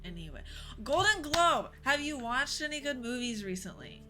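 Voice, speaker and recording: Casting note: chatty young woman streamer, fairly high voice with a sharp brightness, bubbly and laughing between remarks, faint music underneath. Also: big pitch swings, moderate pace. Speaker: video game streamer. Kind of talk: casual live-stream chat.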